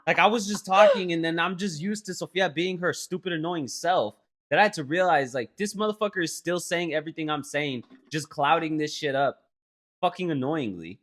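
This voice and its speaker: A man's voice: on the high side, brisk. A young man co-hosting a podcast, telling a story in casual chat, swearing a lot and mimicking others. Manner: profane, animated storytelling with mock voices. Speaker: podcast co-host.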